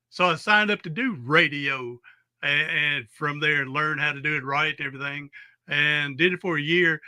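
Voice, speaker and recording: Host: man, upbeat and folksy, bright higher voice, dry close sound. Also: fairly even intonation, moderate pace. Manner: folksy, exuberant pep talk, rambling asides. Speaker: podcast host. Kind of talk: casual interview chat.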